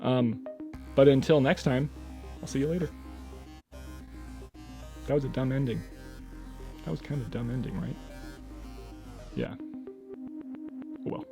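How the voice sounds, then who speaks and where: A young man hosting a casual solo podcast, rambling and hesitant, full of fillers and restarts, with sudden high-pitched bursts. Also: a little slow, creaky, long pauses, dark tone, breathy edge, no echo, faint music behind. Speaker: podcast host.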